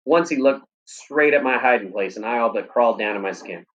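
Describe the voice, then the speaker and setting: A male teacher reading a chapter of a novel aloud at a steady, plain pace. His voice sits at a middle pitch. The recording sounds dull and lo-fi. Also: fairly quick. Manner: steady, plain storytelling delivery.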